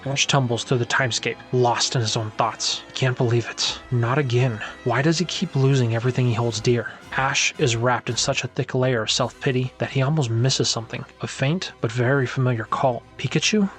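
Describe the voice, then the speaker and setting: A man's voice: mid-range voice, steady tone, moderate pace, few pauses, fairly bright tone, soft background music. Man narrating a dramatic fan story. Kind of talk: scripted fan-fiction narration.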